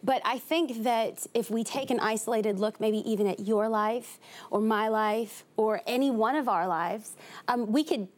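A young woman from East Los Angeles, a guest on a TV talk show, talking fast and with animation about her life. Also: fairly high pitch. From East Los Angeles, USA.

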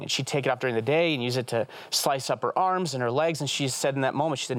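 A man in his thirties, an evangelist guest telling an animated story in an earnest, fast way on a talk show. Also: mid-range voice, dry recording. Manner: earnest, fast, says "right?" often.

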